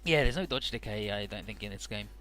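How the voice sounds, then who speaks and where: A man's voice: on the low side, expressive, fast, a bit bright. A man casually narrating a video game run, offhand and profane, with game music faint behind. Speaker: let's play host.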